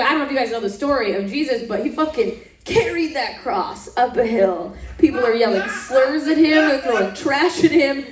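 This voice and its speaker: A young woman performs a brash, crude stand-up set in a high voice, often laughing at her own jokes. She sounds distant and echoey, as if picked up across the club room. Faint audience laughter sits behind her. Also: background noise. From Mississippi, US. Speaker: stand-up comedian. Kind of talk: stand-up routine. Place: comedy club stage.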